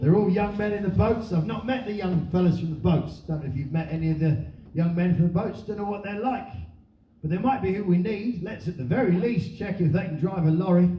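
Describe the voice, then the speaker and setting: A man's voice: high-pitched, brisk, a little hiss or hum. A man from Britain performing a sardonic, profane live stand-up set to an audience. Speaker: stand-up comedian. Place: comedy venue with audience. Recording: roomy live venue miked from far, dull.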